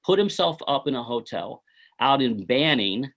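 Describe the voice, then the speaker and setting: A man's voice: medium pitch, big pitch swings, moderate pace, a bit bright. A middle-aged man, a filmmaker being interviewed, telling stories from his film shoot in a rambling way full of "you know" and "uh". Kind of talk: casual interview storytelling.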